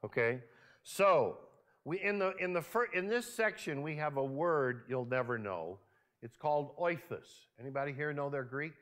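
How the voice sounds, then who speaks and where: A male pastor preaching from the pulpit of a church, talking to his people as if chatting with them. His voice is rather high and bright, and it rises and falls a great deal as he keeps tossing questions to the congregation. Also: expressive, normal speed. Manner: conversational, asks the congregation frequent questions. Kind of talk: sermon. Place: church sanctuary.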